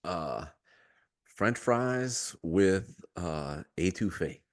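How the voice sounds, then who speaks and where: Slow, low-voiced man. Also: expressive, dry recording, studio quality. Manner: slow, chiming in with short remarks. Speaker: podcast co-host. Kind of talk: casual chat.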